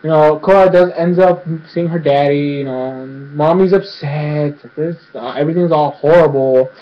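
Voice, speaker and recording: A man's voice: a little high, steady tone, moderate pace, highs cut off. A man casually recapping a cartoon episode, rambling with lots of fillers and acting out the characters' lines. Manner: rambling, filler-heavy, acts out quotes.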